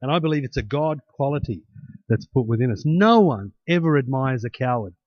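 A man's voice: medium pitch, expressive, fairly quick, no room sound. A pastor preaching a sermon in a conversational way, often tagging his points with "hey?" and restarting his sentences. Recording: dull lo-fi, dry.

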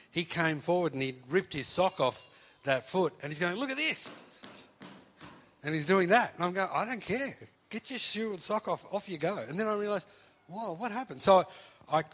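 A man, preaching and telling a testimony story, acting out the voices of the people in it. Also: a little high. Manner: animated, acts out quoted voices.

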